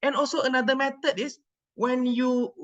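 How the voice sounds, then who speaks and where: Malaysian-accented woman teaching medicine, slightly high pitch, code-switching and checking understanding, muffled lecture recording. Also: fairly even intonation, moderate pace. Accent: Malaysian English.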